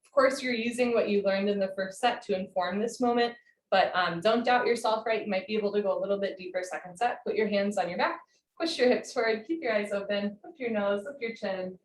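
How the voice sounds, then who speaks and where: Calm woman leading yoga. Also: mid-range voice, a little fast. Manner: calm, encouraging cues with chatty asides. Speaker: yoga instructor. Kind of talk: live-streamed yoga class instruction. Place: home room. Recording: roomy home recording.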